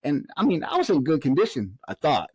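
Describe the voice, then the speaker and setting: The voice is male, fairly high, fairly quick, and slightly rough, recorded with no echo. He's a Southern US former prison officer telling a long story in a podcast interview, animatedly performing the voices of those he quotes.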